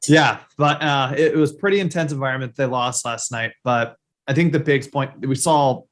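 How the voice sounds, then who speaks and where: A man co-hosts a casual sports podcast, talking in a loose, rambling way. His voice sits at an ordinary middle pitch, and his talk is full of fillers and easy swearing. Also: normal speed. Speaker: podcast co-host.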